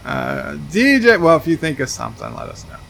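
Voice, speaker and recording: A man's voice: fairly high pitch, big pitch swings, fairly quick, gravelly, a bit bright. A man streaming a game, reading chat messages aloud and answering them with dry asides. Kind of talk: casual livestream commentary.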